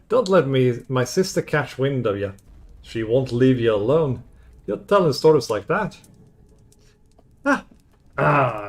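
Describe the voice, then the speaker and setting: A brawny, cheerful campus bloke, loud and boisterous, with a lively voice that goes up and down, as a streamer puts him on. He talks in an easy, matey way in this game voice. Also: medium pitch.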